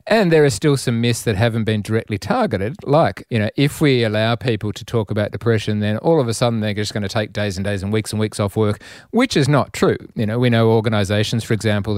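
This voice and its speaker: A quick-talking man with a lowish voice. He hedges and weighs his words, full of fillers. The sound is dry and close. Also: a little mellow, no echo. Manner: hedging, thoughtful, many fillers. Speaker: psychologist guest. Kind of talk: measured expert commentary.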